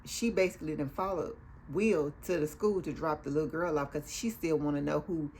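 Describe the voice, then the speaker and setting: A woman's voice: low voice, fairly quick, darkish tone, a little hiss or hum. A woman hosting a casual recap of a TV show, chatty, acting out the characters' lines as she goes.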